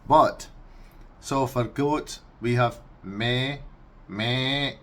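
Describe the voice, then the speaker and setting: A Scottish man vlogging casually, unhurried and amused, breaking into animal noises. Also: mid-range voice, lively intonation, a bit bright, husky. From Scotland. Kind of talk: casual explainer vlog.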